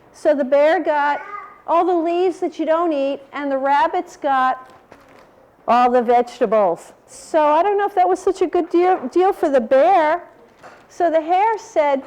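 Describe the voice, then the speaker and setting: High-voiced woman reading to children. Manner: animated, asks the children questions. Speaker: storyteller. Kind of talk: reading a picture book aloud to children.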